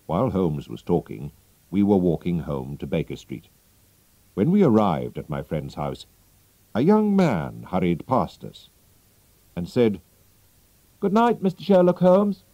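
A man narrating a story in a clear, measured reading for English learners. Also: deep voice, huge pitch swings, warm tone, dry recording, lo-fi sound.

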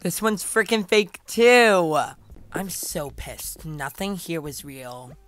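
A young woman host giving casual gameplay commentary, chatty, dramatic and playful with quick asides. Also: lowish voice, animated, a bit bright, no room sound. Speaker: gaming channel host.

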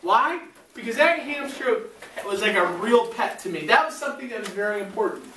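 A woman telling a story to children in church, animated and asking them questions. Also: on the high side, brisk, crowd noise. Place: large church hall. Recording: echoey hall, recorded from far off.

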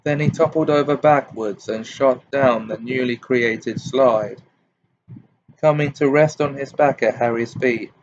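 A man narrating a fantasy audiobook in a steady reading voice. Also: medium pitch, measured pace, highs cut off, slight background noise. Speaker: amateur audiobook reader.

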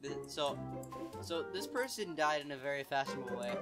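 A giggly young man hosting a game session, his voice swinging widely into squeals as he pleads for help. Loud music plays behind him throughout. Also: fairly high pitch, animated, fairly quick. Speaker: channel host. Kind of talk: casual gameplay chat.

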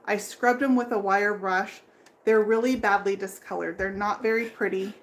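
This tutorial host has a medium-pitched, steady voice and speaks at a moderate pace. She's a furniture painter demonstrating her work live from her workshop, explaining each stage chattily and laughing easily.

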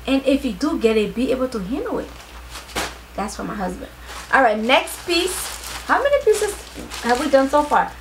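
A tired woman vlogger chatting casually to her viewers during a clothing haul, excitable, with her voice starting to crack. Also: high voice, normal speed, noisy background. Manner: excitable, talks straight to viewers.

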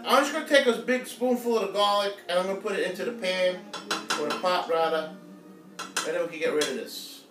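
A man's voice: high-pitched, a little fast, background noise. Playful man chatting in an echoey kitchen. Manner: playful, jokey, chatty with viewers. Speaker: home cooking live-stream host. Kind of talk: casual live cooking chat. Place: home kitchen. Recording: echoey room, mic at a distance, music playing faintly.

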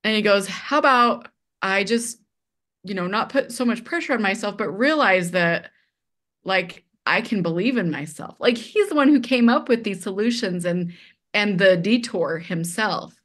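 A woman's voice: medium pitch, normal speed. A middle-aged woman guest who chats casually and tells stories with animation, acting out quoted dialogue and using lots of "like.". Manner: animated, acts out quoted dialogue, many fillers like "like". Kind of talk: casual conversational storytelling.

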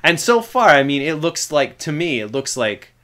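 A young man hosting a casual film podcast, rambling and animated, breaking into loud acted-out quotes. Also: a little high, moderate pace. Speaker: podcast host. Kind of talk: casual chat about films.

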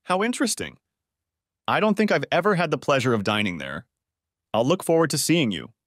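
A man voicing a confident, charming young woman who talks in a smooth, self-assured way. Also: a little high, very animated, a little fast, dry recording, studio quality, voice pushed up. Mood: poised.

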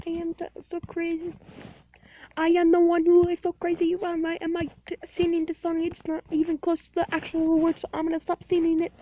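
A woman's voice: extremely high pitch, moderate pace, lo-fi sound, slight background noise. A woman giving casual, playful gameplay commentary, rambling and talking to herself. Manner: rambling, playful self-talk. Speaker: gameplay video host.

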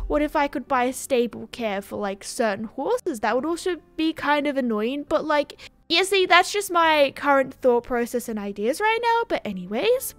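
A young woman with an Australian accent reads a game blog aloud and keeps breaking off into chatty asides. Her voice sits high for a woman, and her delivery stays bubbly and eager. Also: animated, moderate pace. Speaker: gaming video creator. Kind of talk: casual game blog read-along.

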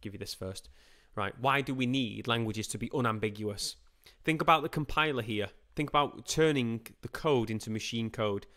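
A man teaching a live-streamed computer science revision lesson, chatty and informal, often asking and answering his own questions. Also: medium pitch. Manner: lively, playful put-on voices and quick asides.

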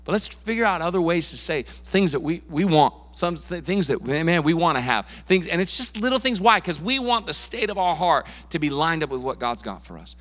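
A male pastor preaching a sermon in a church, casual and emphatic, with quick asides and repeated words. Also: a little high, sing-song, a bit bright. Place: church sanctuary. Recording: long reverb of a church hall.

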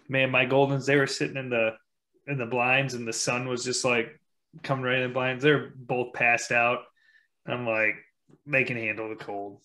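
Casting note: male co-host, bright forward voice, easygoing, laughs a lot. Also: mid-range voice. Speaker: podcast co-host. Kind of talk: casual podcast chat.

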